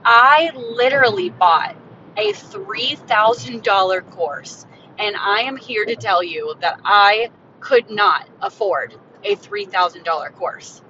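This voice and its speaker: Here the same kind of host, a young woman from Florida, records her podcast pitch on her phone in a moving car but takes it slowly. She still sounds excited, upbeat and salesy, and the audio is dull with rumbling road noise.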